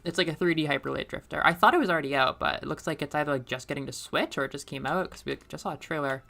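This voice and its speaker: Young woman streamer with a low voice, a rambling talker who laughs a lot and spikes loud when something excites her. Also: very fast, vocal fry. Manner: rambling and chatty, laughs often, volume jumps when excited. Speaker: streamer and middle school teacher. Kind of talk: casual chat while playing a game.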